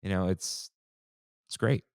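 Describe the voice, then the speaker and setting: A man in his thirties co-hosting a podcast in a relaxed, slangy chat style, saying "dude" and "like" often. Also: a little slow, no echo, clean studio sound. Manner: laid-back, slangy, says "dude" and "like" often. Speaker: podcast co-host. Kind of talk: casual chat.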